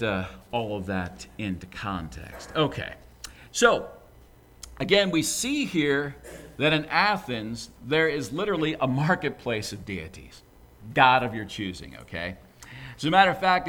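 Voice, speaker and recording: A man delivers a sermon in a conversational, animated way, breaking off into asides for the congregation. His voice sits a little high and swings widely in pitch as he builds emphasis. He sounds like a pastor speaking in a church sanctuary.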